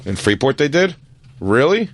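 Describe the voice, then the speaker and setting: A man co-hosting a comedy radio show, telling quick animated stories and joking with the others. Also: medium pitch, breathy edge. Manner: fast, animated storyteller, acts out quotes. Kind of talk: casual comedic banter.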